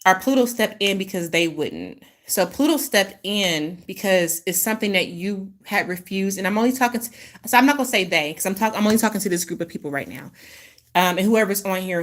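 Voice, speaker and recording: A woman hosting a casual channeled reading, rambling, with many restarts and apologies. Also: lowish voice. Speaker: intuitive reader, host.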